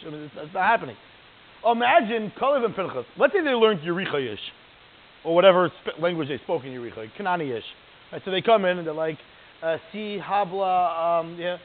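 A man giving a lively, digressive lecture as a religious teacher, often checking in with "right?". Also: high-pitched. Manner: animated, digressive, keeps asking "right?". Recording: tinny phone-like line.

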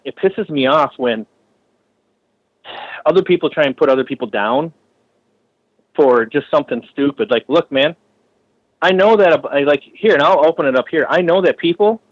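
A man's voice: on the high side, expressive, brisk, lo-fi sound. A custom bicycle frame builder, a man telling stories in a casual podcast interview, swearing freely and ranting heatedly.

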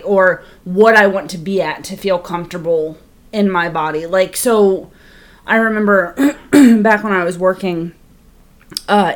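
A woman co-hosting a podcast in frank, casual chat, swearing freely and leaning on lots of fillers. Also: fairly low pitch. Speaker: podcast co-host.

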